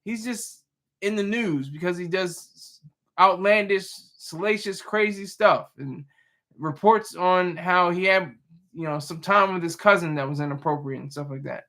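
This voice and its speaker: A man's voice: high-pitched, moderate pace, pushed and bright. A man hosting a livestream, casually chatting and reading viewer comments with playful teasing and frequent restarts. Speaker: livestream host.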